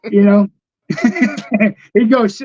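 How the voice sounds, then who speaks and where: A man's voice: sits high, flat delivery, extremely slow, warm tone, lo-fi sound, slight background noise. An older man telling wrestling stories. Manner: laughing raconteur, acts out quotes. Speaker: podcast guest, former wrestler. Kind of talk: casual storytelling.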